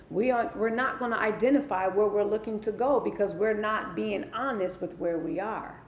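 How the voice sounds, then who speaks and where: A woman's voice: medium pitch, moderate pace, few pauses. A middle-aged woman hosting a wellness livestream, speaking emphatically and talking straight to her live viewers. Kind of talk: live-stream motivational talk. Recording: echoey room, faint ambient noise.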